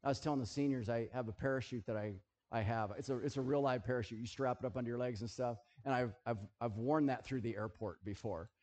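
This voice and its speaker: Animated joking preacher, man. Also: mid-range voice, fast, few pauses. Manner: animated, jokey, checks in with listeners. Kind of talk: sermon with object lessons.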